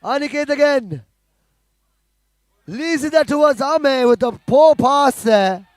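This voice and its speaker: A man giving live play-by-play commentary on a football match, calling passes quickly and rising to shouts at goals. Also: very high-pitched, animated, no echo.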